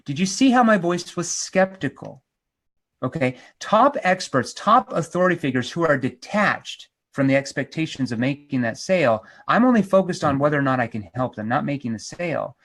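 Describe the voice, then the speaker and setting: A man teaching a sales seminar, energetic and emphatic, breaking into role-play examples. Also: on the high side, moderate pace. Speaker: sales trainer.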